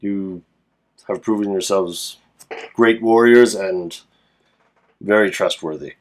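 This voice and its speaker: A man's voice: sits low, slow pace. A man voicing a tall, courteous human adventurer who speaks in formal, polite phrases.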